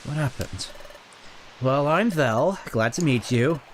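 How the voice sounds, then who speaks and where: A man's voice: mid-range voice, animated, takes it slowly, slight background noise. A man voicing an earnest, friendly partner Pokémon. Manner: earnest, kindly.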